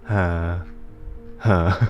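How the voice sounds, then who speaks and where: A man's voice: deep voice, muffled recording. A young man hosting a casual live stream, rambling, laughing often and swearing freely. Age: young adult. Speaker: streamer host.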